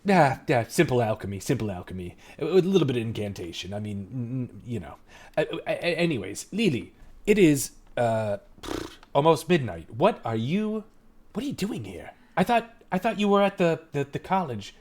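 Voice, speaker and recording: A fussy, excitable gnome father in a tabletop fantasy game, tripping over his own words and jumping from topic to topic, as a man puts him on. His voice sits at an ordinary middle pitch and often sounds a bit set back from the mic. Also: moderate pace. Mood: flustered. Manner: rambling, stammering, excitable.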